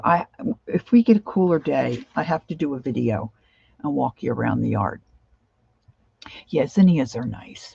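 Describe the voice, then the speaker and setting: A woman's voice: deep voice, vocal fry, mellow, husky, no room sound, dull audio. A middle-aged woman chatting casually as she works on a craft project, rambling on and answering viewers' comments.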